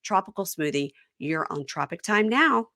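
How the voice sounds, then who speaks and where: A woman hosting a podcast, chatting casually and reading an ad, with playful quick asides. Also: lowish voice, lively intonation, pushed and bright, no echo, clean studio sound. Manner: chatty, quick shifts into playful quoted voices. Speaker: podcast host. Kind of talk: casual chat and read ad.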